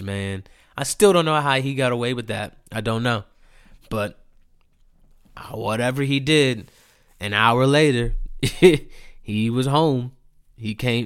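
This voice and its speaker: This man speaks in a mid-range voice at a measured pace, his tone clean. Casually and animatedly, he tells a meandering, profane story, voicing his friends' lines as quoted mimicry.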